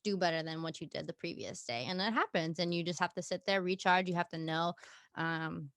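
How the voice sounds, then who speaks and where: A woman's voice: fairly low pitch, fairly quick, fairly bright tone, no room sound, clean studio sound. A young woman in her twenties talking casually as a podcast guest, with lots of fillers. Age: 20s. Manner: chatty, many likes and ums. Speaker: guest student.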